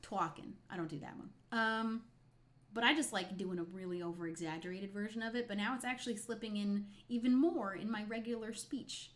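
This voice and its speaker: A chatty woman from New Jersey with a light New York twang, streaming and reading her chat. She rambles from one thought to the next and laughs often, at a middling pitch. Her tone is relaxed and casual. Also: a little fast. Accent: slight New York.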